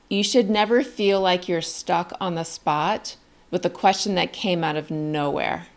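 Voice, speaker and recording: Middle-aged woman coach, low-ish gravelly voice, upbeat and encouraging, talking straight to camera. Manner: encouraging, upbeat, emphatic delivery. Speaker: interview coach. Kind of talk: direct-to-camera coaching lesson.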